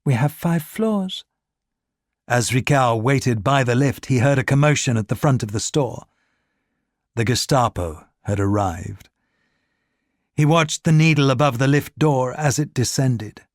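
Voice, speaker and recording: A man's voice: medium pitch, a little slow, dry recording. Man narrating a thriller audiobook, dry. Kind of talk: scripted narration.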